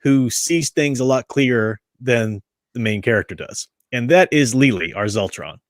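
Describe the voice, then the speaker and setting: A man's voice: medium pitch, moderate pace, dry recording, clean studio sound. A man hosting a casual book discussion, talking in a rambling, chatty way with frequent restarts. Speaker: book study host.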